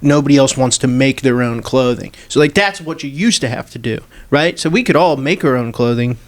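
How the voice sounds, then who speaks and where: A man co-hosting a podcast in casual chat, joking around and quick to laugh. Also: mid-range voice. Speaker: podcast co-host.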